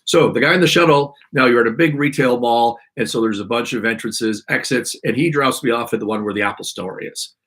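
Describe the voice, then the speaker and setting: Brisk and with few pauses, a male podcast host tells an exasperated, rambling complaint story on a live stream, restarting as he goes. His throat is irritated and he clears it frequently; his mid-range voice sounds a bit bright and slightly rough.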